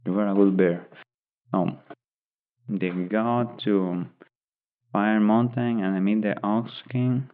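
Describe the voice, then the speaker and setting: Slow, rambling man on a tinny line. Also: fairly low pitch, steady tone. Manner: thinking aloud, rambling while describing pictures. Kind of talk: unscripted story narration. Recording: tinny phone-like audio.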